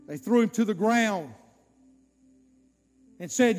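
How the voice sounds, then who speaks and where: A male preacher telling a story in a sermon, swinging dramatically between loud and soft. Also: sits high, lively intonation, takes it slowly, in a large hall, faint music behind.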